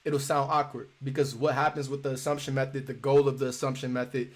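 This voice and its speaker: A man's voice: mid-range voice, little pitch movement, fast. A young man teaching a live cold calling lesson in a casual, repetitive way, acting out sample phone calls.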